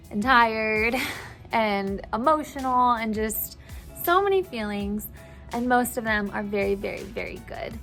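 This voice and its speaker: A woman's voice: on the high side, a bit bright. Teary, gushing woman teacher vlogging. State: tearful. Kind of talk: casual vlog update.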